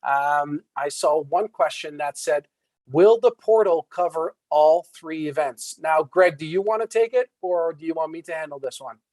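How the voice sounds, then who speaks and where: A man hosting an online volunteer event, reading out prize winners in a friendly, relaxed way. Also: on the high side, normal speed, no echo, poor audio. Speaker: event host.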